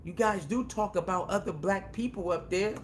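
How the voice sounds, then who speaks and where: A man talks through a casual commentary segment, informal and full of slang. His voice sits a little high for a man. He presses his points hard and repeats phrases for emphasis. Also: normal speed, slight background noise. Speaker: commentary channel host.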